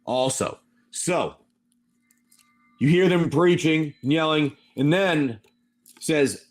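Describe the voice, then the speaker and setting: A man acting as game master improvises tabletop game narration on a live stream, where he also sells, rambling and correcting himself as he goes. His voice is fairly high, and he takes it slowly with long pauses.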